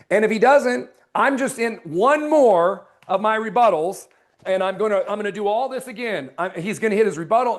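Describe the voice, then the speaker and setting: A man coaching sales technique who role-plays his closing pitch to a homeowner, dropping into a slow, low, serious tone for the close and turning energetic and emphatic when he explains it.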